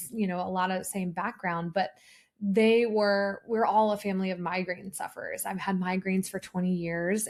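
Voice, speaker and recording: A woman in her thirties talks alone into a podcast mic, sharing personal stories in an earnest, unscripted way. Her voice sits at an ordinary middle pitch, and she often pauses on fillers and restarts her sentences as she explains health topics. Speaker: podcast host and nurse practitioner. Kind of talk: solo podcast talk.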